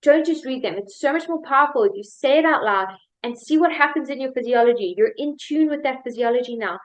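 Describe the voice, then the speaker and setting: A woman's voice: high voice, fast. A woman life coach guiding a motivational workshop video, upbeat and leading repeat-after-me chants.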